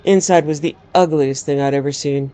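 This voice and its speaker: A woman's voice: low voice, steady tone, normal speed, warm tone, soft background music. A woman narrating a first-person story aloud in a wry, dramatic storytelling manner. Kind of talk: storybook reading.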